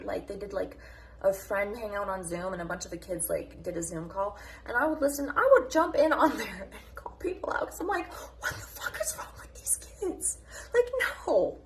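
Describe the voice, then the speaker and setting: Fiery, foul-mouthed woman ranting. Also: medium pitch. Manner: passionate, profane, jumps between topics; blunt and combative. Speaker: mom vlogger. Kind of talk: unscripted morning rant.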